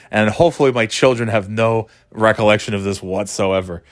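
A middle-aged man hosting a podcast and telling stories casually, rambling and swearing, and jumping into a high shout when he acts out his own outbursts. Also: steady tone, fast, few pauses, no echo, studio quality. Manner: rambling and profane, with frequent fillers. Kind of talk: casual comedic storytelling.

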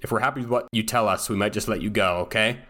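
A man's voice: lowish voice, quick pace, bright, forceful tone. A man voicing a brusque male soldier who runs an interrogation in a tabletop game. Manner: blunt, casual military talk.

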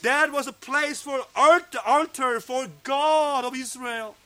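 A man preaching a sermon, fervent and emphatic, sometimes dropping to a low hush. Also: fairly even intonation, slow pace. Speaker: pastor. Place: fellowship meeting hall.

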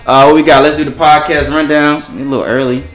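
A man's voice: fairly high pitch, flat delivery, quick pace. Man, twenties, podcast host, casual profane banter, roomy echo, faint music behind. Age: 20s. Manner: loose, profane, joking banter.

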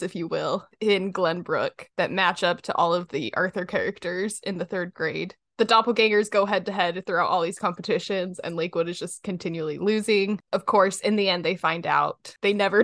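A woman's voice: medium pitch, dry recording, clean studio sound. A young woman co-hosting a casual podcast, gushing about an episode, often laughing and quoting lines. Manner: giggly and gushing, breaks into laughter and quotes lines in a put-on voice. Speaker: podcast co-host. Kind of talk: casual podcast chat recapping a cartoon episode.

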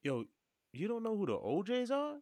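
A man's voice: sits high, wildly swooping pitch, normal speed, darkish tone. An actor playing a sleepy, doubtful young man who teases his friend in slang, in an audio drama. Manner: drowsy, doubtful, teasing in slang. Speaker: Ronnie, the roommate.

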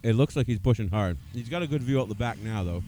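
Lively crude male derby commentator. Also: on the low side, fast. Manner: crude, joking, eats while talking. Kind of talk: casual play-by-play commentary. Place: outdoors at a demolition derby.

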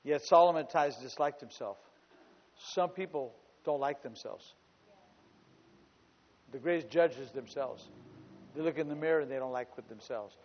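A male pastor preaching a sermon, shifting from quiet storytelling to loud, emphatic declarations and repeating phrases for emphasis. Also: mid-range voice, normal speed, pauses often. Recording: dull lo-fi recording with long hall reverb.

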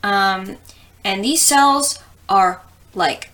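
A woman's voice: mid-range voice, very slow, a bit bright, a little hiss or hum. A young woman from the US Midwest who explains science in a casual, chatty way, with lots of ums and plenty of swearing. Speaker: host.

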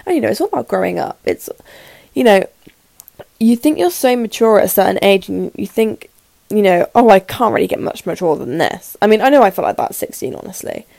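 Nervous eighteen-year-old woman, gravelly voice. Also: medium pitch, expressive, warm tone, no room sound. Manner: rambling, nervous, fast, lots of "like". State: sore throat from covid. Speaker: podcast host. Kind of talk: casual solo podcast chat. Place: her room in the evening.

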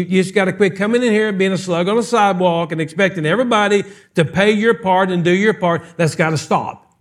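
Brief: male pastor, high-pitched, playful live sermon in a church, punchy questions. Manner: animated, joking, fires off rhetorical questions. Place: church sanctuary, live service.

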